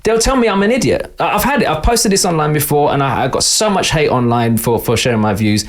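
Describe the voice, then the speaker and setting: Animated East London man, lively pitch. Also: fast talker. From England. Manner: animated storyteller, acts out quoted voices. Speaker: podcast guest. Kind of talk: casual interview talk.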